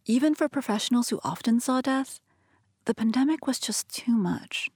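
Husky female reporter, dry booth, measured scripted narration. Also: fairly high pitch, no room sound. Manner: calm, measured storytelling.

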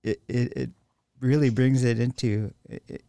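A man hosting a reflective conversation about recovery, speaking haltingly with many restarts and fillers. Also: mid-range voice, steady tone, warm tone, clear, resonant tone, no room sound, studio quality.

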